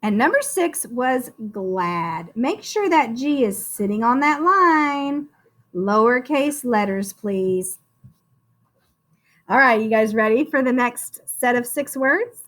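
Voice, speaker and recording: High, lively woman teaching phonics. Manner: slow, sing-song, encouraging, calls the listener "friend". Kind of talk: phonics spelling lesson for young children.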